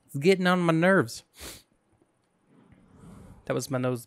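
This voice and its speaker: A man's voice: fairly high pitch, takes it slowly, clear, resonant tone, no room sound, studio quality. A man hosting a casual let's-play, talking through his game in a goofy, rambling way with jokes to himself, sleepy and yawning. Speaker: gaming channel host.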